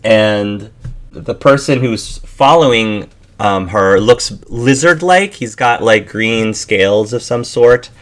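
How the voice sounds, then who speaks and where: A man narrating as game master in a tabletop role-play game, halting with many fillers. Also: on the low side. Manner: halting, filler-heavy, laughing.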